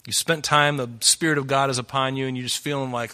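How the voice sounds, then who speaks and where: Man, pastor, sermon, bright tense voice, earnest exhorting delivery. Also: mid-range voice, fairly even intonation, quick pace, clear, resonant tone. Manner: earnest, exhorting, swings from loud to hushed.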